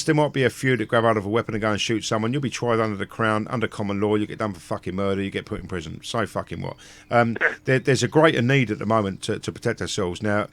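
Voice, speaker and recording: A man's voice: on the low side, a bit bright. A man hosting a live stream, ranting in blunt, sweary casual chat with many restarts.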